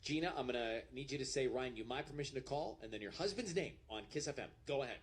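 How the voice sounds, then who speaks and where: A man's voice: medium pitch, animated, fast talker. A man hosting a radio call-in show, upbeat and bantering.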